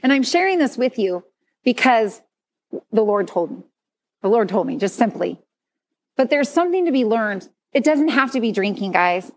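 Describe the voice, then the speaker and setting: A middle-aged woman giving a candid, conversational sermon testimony at church. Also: medium pitch. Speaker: speaker at church.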